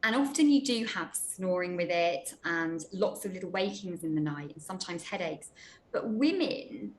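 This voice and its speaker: A woman doctor explaining sleep problems in a clear, reassuring way, with some small restarts. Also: on the low side, lively intonation, normal speed, a little hiss or hum, rough recording. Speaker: menopause doctor. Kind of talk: explaining to a panel.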